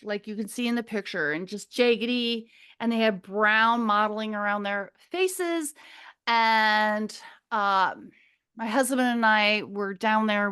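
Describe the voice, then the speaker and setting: A fairly high-pitched woman in her fifties from Minnesota, talking as a podcast guest. She tells her story loosely and chattily, drifts into tangents, laughs a lot and swears without a second thought. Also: a bit bright, clear, resonant tone. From Minnesota, USA. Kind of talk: casual storytelling interview.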